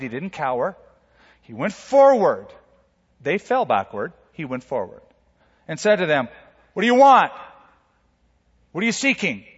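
A man preaches with a fairly high voice, swinging from hushed asides to loud, pointed lines. His voice rings out with a long reverb from a big hall. The sound is a little dull and muffled. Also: husky. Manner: dramatic preaching with sudden loud and soft swings. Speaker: pastor. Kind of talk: sermon.

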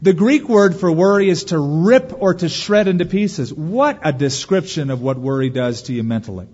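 A man preaching a sermon as pastor, lively, acting out the anxious voices of worriers. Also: fairly high pitch, moderate pace, breathy edge. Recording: dull lo-fi recording with long hall reverb.

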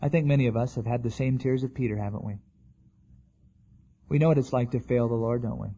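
A man's voice: mid-range voice, fast, mellow, slightly rough, highs cut off. A man preaching a sermon in a conversational way, acting out the quotes he tells. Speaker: pastor.

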